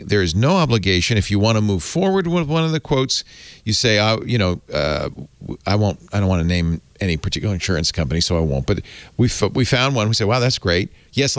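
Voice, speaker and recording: Animated male podcast host, dry sound. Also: lowish voice, no echo. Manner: chatty, animated, rambling with restarts. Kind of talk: casual tech podcast chat and live ad read.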